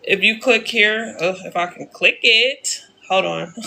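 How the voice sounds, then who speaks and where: Bright-voiced woman hosting a live tutorial. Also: medium pitch, slow pace, vocal fry. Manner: narrates each click, repeats steps, answers chat. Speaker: live-stream tutorial host. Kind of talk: casual live-stream software walkthrough.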